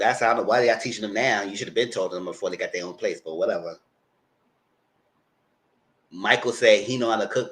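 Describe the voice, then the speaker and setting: A commentary channel host with a lowish, fairly bright voice chats through a casual livestream. He recaps events with blunt asides and acts out what he told the cast.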